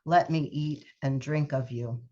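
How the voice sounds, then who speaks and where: A woman poet reading her poems aloud on a video call, in a measured, unhurried way. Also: very deep voice, steady tone, dark tone, slight background noise. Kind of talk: poetry reading. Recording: muffled video call audio.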